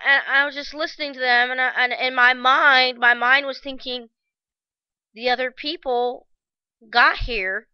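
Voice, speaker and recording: A woman tells a personal story to the camera in a halting, reflective way, often circling back and restarting her sentences. Her voice sits fairly high and sounds clear and smooth. The recording is dry and slightly muffled, like a basic home setup. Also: no echo. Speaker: vlogger.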